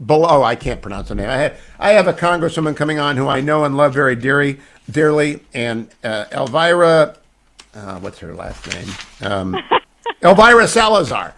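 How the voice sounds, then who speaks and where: A man's voice: mid-range voice, lively intonation, normal speed, gravelly, a bit bright. A man in his sixties hosting talk radio, joking and bantering with a guest. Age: 60s. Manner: jokey and bantering. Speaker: radio host.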